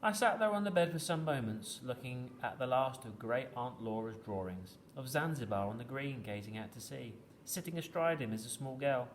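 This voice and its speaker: A man reading a children's story aloud with steady, gently expressive storytelling. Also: mid-range voice, moderate pace, hardly any pauses, a little hiss or hum.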